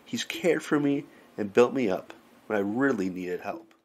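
A woman voicing a gentle, soft-spoken male snowman in a children's musical story, talking slowly and gloomily. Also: very deep voice, animated, pitched below the performer's own voice. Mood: thankful.

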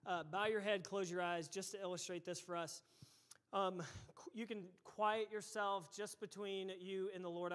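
A pastor preaching a sermon into a microphone in a church, loud and emphatic, repeating words and breaking into shouts. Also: male voice, high voice. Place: church sanctuary. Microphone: handheld or stage microphone.

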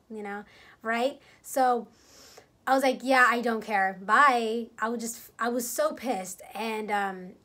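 A young woman casually retelling a story for her vlog, quoting herself and others, filling it with "like" and keeping her voice down on purpose. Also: medium pitch. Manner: kept deliberately quiet so family downstairs won't hear. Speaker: vlogger telling a story.

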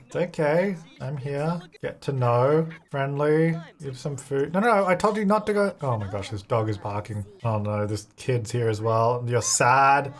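A man's voice: mid-range voice, fairly bright tone. A young man giving casual, chatty commentary while playing a life-simulation game, laughing often and talking to the characters on screen. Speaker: gaming video creator. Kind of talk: casual let's-play commentary.

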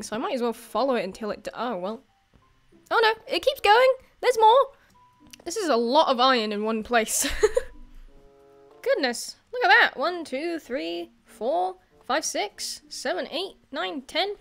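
A woman giving casual gameplay commentary as a YouTuber, chatty and excitable, laughing often and talking to the creatures on screen. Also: high-pitched, measured pace, gravelly, soft background music. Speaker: gaming YouTuber.

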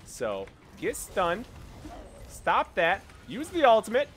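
A young man narrates his own gameplay in a high, lively voice that leaps around in pitch. He drops into low mutters, then bursts into loud, boastful yelling, cursing freely and mocking himself as he goes. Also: slow, soft background music. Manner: profane, boastful, self-mocking. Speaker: gaming streamer. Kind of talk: excited gameplay commentary.

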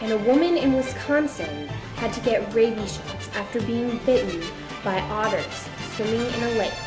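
A teenage girl playing a stiff, cheesy female TV news anchor in a loud, mock-formal newsreader delivery. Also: on the high side, expressive, normal speed, music in the background, natural voice.

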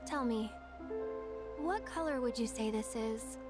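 An actress playing a calm, wistful young woman in video game dialogue, with a soft, high voice. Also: unhurried, over music, natural voice.

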